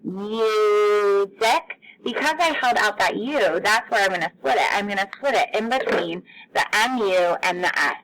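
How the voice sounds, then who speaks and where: A woman teacher giving a phonics lesson to young children, stretching out words slowly. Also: mid-range voice, expressive, a bit bright, low-quality recording.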